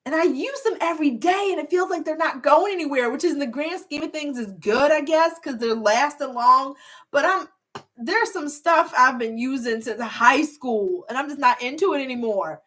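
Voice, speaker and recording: A woman's voice: sits high, normal speed, fairly bright tone. A young woman YouTuber chatting casually on a livestream, reading viewer comments in a bubbly, rambling way with plenty of filler words. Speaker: beauty and hair YouTuber.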